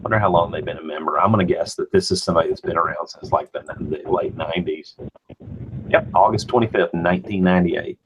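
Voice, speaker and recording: A man's voice: deep voice, quick pace, muffled recording, noisy background. A man hosting a casual live morning show, chatting in a wry, wondering way. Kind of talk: casual chat.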